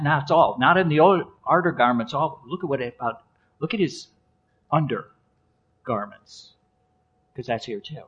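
A man preaching a sermon in an animated, playful way, swinging between loud exclamations and hushed asides. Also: fairly high pitch, muffled recording. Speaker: pastor.

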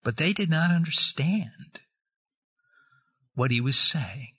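A man's voice: on the high side, expressive, slow, bright, forceful tone, slightly rough. A man preaching a sermon, reading scripture aloud and explaining it verse by verse.

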